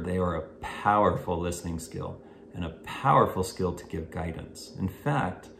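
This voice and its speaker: A man giving an instructional talk on listening skills to parents, in a measured, explanatory way. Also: sits low. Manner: measured, explanatory, gives spoken examples. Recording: echoey room with faint hiss.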